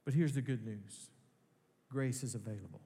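A male pastor delivers an earnest sermon. His voice is mid-pitched and carries a long hall reverb. He swells to strong emphasis, then drops low and slows down. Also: mellow. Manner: earnest preaching with rising emphasis and slow pauses. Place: large church hall.

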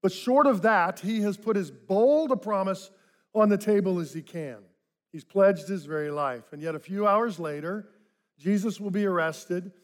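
A man preaching a sermon, telling the story vividly and dropping to soft, low tones for reflective points. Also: normal speed. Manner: dramatic storytelling, acting out quoted voices. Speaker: pastor.

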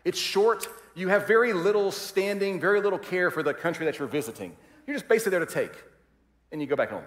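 A man preaching a sermon as pastor, animated and acting out quoted voices, swinging from loud to quiet. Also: high-pitched, quick pace. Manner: animated, acts out quoted voices, varies volume widely. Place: large church hall. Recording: roomy hall reverb.

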